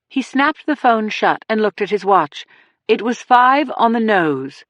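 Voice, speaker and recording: A woman narrating a first-person crime thriller audiobook in a dramatic, measured reading. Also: mid-range voice, lively intonation, no echo.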